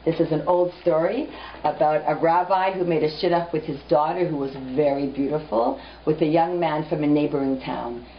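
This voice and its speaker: A woman's voice: low voice, moderate pace. Lady teaching a class with stories, dull lo-fi audio, bit of background noise. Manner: animated, direct, storytelling. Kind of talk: storytelling lecture. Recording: muffled lo-fi recording.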